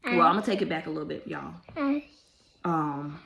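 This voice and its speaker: A woman's voice: sits low, moderate pace, creaky, fairly bright tone, slight background noise. A woman in her thirties telling a family story on her vlog, emotional and rambling, fighting back tears and apologizing as she goes. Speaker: vlogger. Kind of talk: casual storytime.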